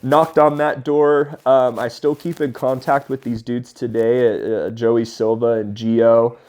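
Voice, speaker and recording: A man in his thirties telling stories as a podcast guest, animated and often laughing as he talks. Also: medium pitch, a little slow. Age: 30s. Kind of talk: casual storytelling.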